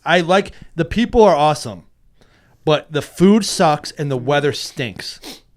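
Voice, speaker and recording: A man in a loose podcast conversation whose slightly high voice swings up and down a lot. He rambles and restarts his sentences, and laughs easily as he talks. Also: expressive, measured pace. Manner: rambling, self-interrupting, laughs often. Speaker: podcast guest. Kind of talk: casual podcast chat.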